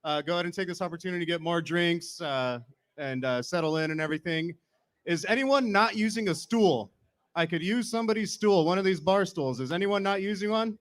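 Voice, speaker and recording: Relaxed man announcing at a bar. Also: high-pitched, a little fast. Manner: relaxed, many filler words. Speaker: event emcee. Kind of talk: casual announcements.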